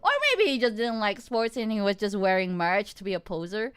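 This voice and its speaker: A woman streamer telling a story in casual chat, animated, laughing often and swearing freely. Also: mid-range voice, brisk, clean tone.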